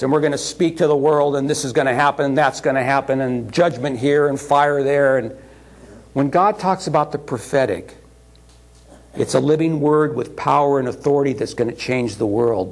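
A man's voice: medium pitch, darkish tone, slightly rough. A man preaching a sermon in a conversational way, acting out the quoted voices as he goes. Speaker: pastor.

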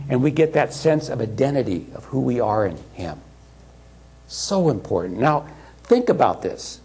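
A man delivers a sermon with a husky, breathy voice. He preaches in a conversational way and slips into the voices he quotes. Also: a little high, darkish tone. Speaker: pastor.

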